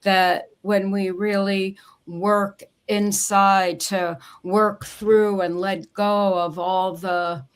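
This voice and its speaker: A woman's voice: medium pitch, flat delivery, extremely slow, clean tone. A woman who works as a memoir ghostwriter, telling a heartfelt client story in a casual interview. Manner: earnest, emotional storytelling with soft laughs. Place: home office on a video call.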